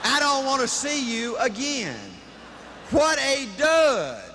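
A man giving an emphatic, repetitive motivational speech to a crowd in a large hall, with bursts of shouting. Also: extremely high pitch, big pitch swings, slow pace, slight background noise. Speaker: motivational speaker. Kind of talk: high-energy motivational speech.

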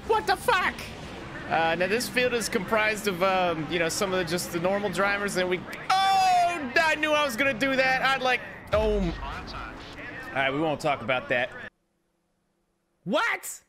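High, excitable cursing gamer guy. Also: a little slow, background noise. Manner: excitable, profane, yells at rivals. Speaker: streamer. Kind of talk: gameplay commentary.

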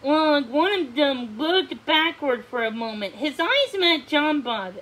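Slow, high-voiced woman reading a storybook. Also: expressive, a bit bright, rough recording. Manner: slow, careful reading with small restarts. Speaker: storybook reader. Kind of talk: children's read-along narration.

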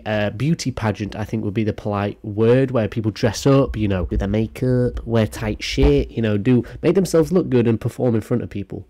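A young man with a low, mellow voice reads a news article aloud and riffs on it. His commentary is casual and rambling, full of sarcastic asides and crude humor. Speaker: youtuber commenting on a news story.

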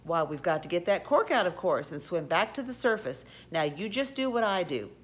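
A woman voicing a brave, level-headed young male mouse who talks in a brisk, take-charge way. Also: on the low side, very animated.

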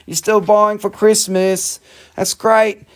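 A middle-aged man, his voice pitched a little above most men's, hosts a live stone sale. He rambles and jokes in a loose, casual way. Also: little pitch movement, slow pace. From Western North Carolina. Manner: joking, rambling, slips into a mock Italian-French accent. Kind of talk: casual live sales chat.

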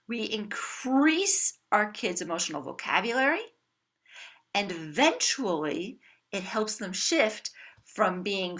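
Bright-voiced woman teaching parents. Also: mid-range voice. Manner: animated, warm coaching tone with acted examples. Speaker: parenting educator. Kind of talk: workshop talk to parents. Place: room with an audience.

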